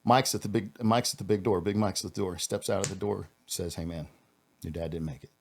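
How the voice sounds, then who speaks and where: Deep-voiced man telling an earnest story. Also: steady tone, vocal fry, slight background noise. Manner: earnest, halting, with frequent restarts. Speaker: podcast guest, former police officer. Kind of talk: personal storytelling in a podcast interview.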